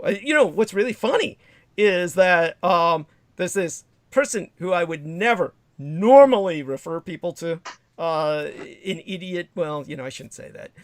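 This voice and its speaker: A man's voice: on the high side, creaky, dry recording. A man hosting a livestream, talking in a long digressive political monologue with emphatic, profane asides. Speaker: livestream host.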